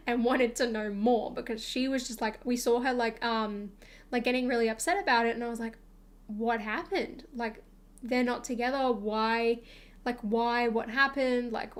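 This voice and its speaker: A young woman streamer rambling through a casual storytime chat, full of fillers and acted-out quotes of herself. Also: fairly high pitch.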